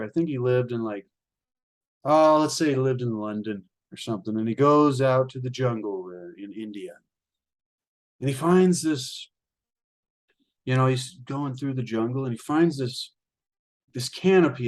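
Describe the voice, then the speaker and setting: Man casually telling a fable, mid-pitch. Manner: casual storytelling, addresses listeners as ladies and gentlemen. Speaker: channel host reading a spiritual book. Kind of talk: reading aloud with spoken commentary.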